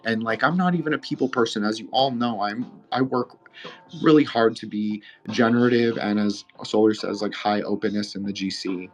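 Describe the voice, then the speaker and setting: Low-voiced rambling podcast host, man. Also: moderate pace, faint music behind. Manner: rambling, profane, earnest, emotional. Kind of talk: casual roundtable chat.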